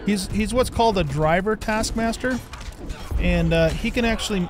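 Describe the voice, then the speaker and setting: Older male gaming host, casual rambling commentary, voice a touch high, easily excited. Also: moderate pace, over music. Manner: chatty, rambling, bursts of excitement. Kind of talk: casual let's-play commentary.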